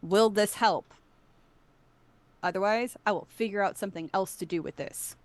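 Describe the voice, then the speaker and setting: A woman's voice: medium pitch, normal speed, dry recording. A woman speaking as a player in a tabletop game, talking urgently and persuasively.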